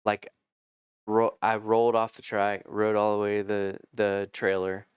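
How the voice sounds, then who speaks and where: Man, 30s, low smooth voice, dry close sound; casual storyteller who curses and acts out quotes. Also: measured pace, dry recording. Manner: animated, swears freely, acts out quotes. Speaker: podcast guest telling racing stories.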